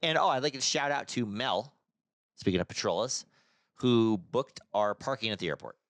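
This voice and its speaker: A man's voice: medium pitch, animated, moderate pace, a bit bright, no echo. A middle-aged man with a nasal voice hosting a casual podcast chat, rambling, swearing freely and restarting his sentences. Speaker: podcast host.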